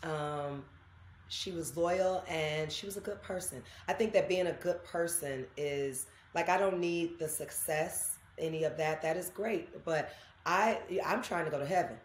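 Animated lower-voiced woman. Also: unhurried, a little hiss or hum. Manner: animated storyteller, acts out quoted voices. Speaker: guest. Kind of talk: casual interview chat. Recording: echoey room.

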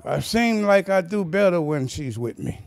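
A man preaching a sermon as pastor, folksy and chuckling, rising into shouted, sing-song cadences. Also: high voice, animated, normal speed, gravelly, faint music behind.

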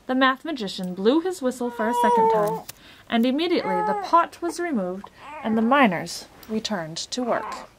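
Female storybook reader, expressive, lively delivery, fairly high voice. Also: normal speed, noisy background. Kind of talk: reading a chapter book aloud.

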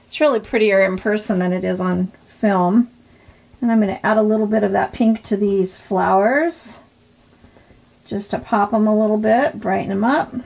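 A woman's voice: mid-range voice, creaky, darkish tone, husky. A woman hosting an art tutorial, chatting casually and encouragingly as she demonstrates her work. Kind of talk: casual craft demonstration narration.

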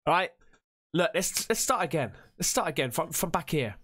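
Man, reaction host, bright edgy voice, lively swooping pitch, jumpy, swears a lot. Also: normal speed. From England. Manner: jumpy, swears a lot, shouts when startled. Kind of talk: excitable reaction commentary.

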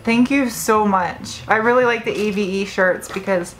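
A young woman hosting her car vlog, talking casually and getting excitable as she opens gifts from viewers. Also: mid-range voice, moderate pace, slight background noise. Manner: chatty, excitable when unboxing gifts. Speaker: car vlogger and host.

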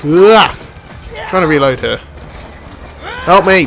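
Young man, slightly high voice, excitable gameplay commentary, joking and swearing, faint game music behind. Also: measured pace. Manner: excitable, jokey, swears, yelps at hits. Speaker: gaming channel host.

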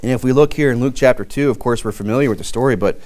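A man's voice: mid-range voice, rapid-fire, darkish tone. Conversational male pastor preaching. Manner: conversational preaching with many fillers and restarts. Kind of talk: sermon.

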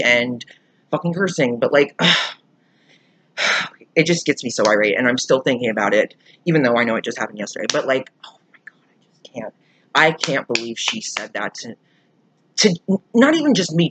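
Angry and upset, a YouTuber tells a storytime vlog full of swearing, lurching from loud outbursts to low muttering. The pitch is medium, and there's slight background noise.

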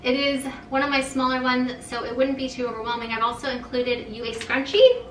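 A young woman vlogging casually as she opens fan mail, gushing and excitable. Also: high-pitched, a little fast, slight background noise. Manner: gushing, excitable, says "oh my god" often. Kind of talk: casual vlog chat, reading letters aloud. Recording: roomy, mic a little far off.

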